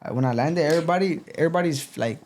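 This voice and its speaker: A young man, a podcast guest telling his story in casual street slang, full of "you know" and "boom.". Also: very fast, darkish tone. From East Los Angeles.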